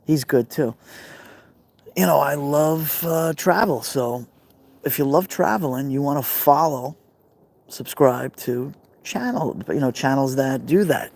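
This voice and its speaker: A man's voice: a little high, measured pace, gravelly, a little mellow. Chatty Brooklyn guy rambling on a live stream. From New York. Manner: rambling, chatty, reads out viewer comments. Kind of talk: casual live-stream chat. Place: outdoors by a fire pit.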